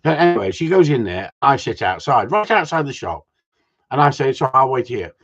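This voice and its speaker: Hosting a live stream, a man tells a story as a casual rant, swearing often and narrating with plenty of energy. His voice is medium-pitched and brisk, and the audio has its high end cut off.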